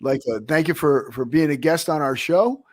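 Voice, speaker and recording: A male podcast host with a husky voice speaks in an upbeat, motivational way. His pitch sits a bit high, and the sound is dry. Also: moderate pace, no room sound. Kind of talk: casual podcast interview.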